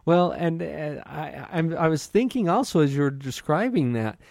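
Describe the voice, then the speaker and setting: A man with a fairly high voice hosts an interview show and talks in a reflective, unhurried way. He often turns to address the listeners directly. His voice sounds close and dry, with no room echo. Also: expressive, gravelly, darkish tone. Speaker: podcast host, doctor. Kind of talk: casual interview talk.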